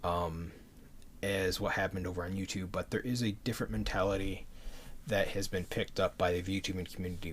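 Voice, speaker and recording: A very deep-voiced man rambles passionately to his stream, out of breath and stumbling over restarts. A faint hiss sits under his desk mic.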